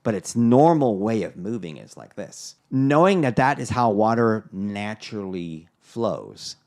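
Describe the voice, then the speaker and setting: A man's voice: fairly low pitch, animated, measured pace, darkish tone. A man co-hosting a podcast, talking casually and telling stories in a reflective way with frequent fillers. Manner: storytelling, reflective, many fillers. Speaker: podcast co-host. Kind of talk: casual chat.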